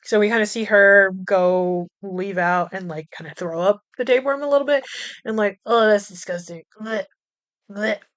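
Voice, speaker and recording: A young woman hosting a podcast, recapping a movie in a chatty way, with frequent laughs, swearing and quick asides. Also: mid-range voice, a bit bright, no echo. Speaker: podcast host.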